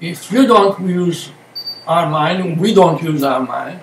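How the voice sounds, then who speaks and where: A man speaking as a meditation teacher in a slow, reflective way, using short, halting phrases and plain words. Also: a little high, animated. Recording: echoey room, distant mic, faint noise.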